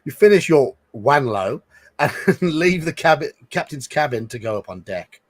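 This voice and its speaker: A man's voice: mid-range voice, no room sound. A man hosting a live playthrough, reading a gamebook aloud with casual asides and chuckles.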